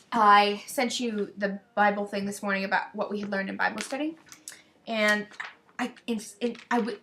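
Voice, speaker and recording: A woman's voice: medium pitch, fairly bright tone. A teenage girl talking into a webcam in a casual, rambling video message to a friend, gossiping and venting. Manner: rambling, gossipy, quotes others in exasperated voices.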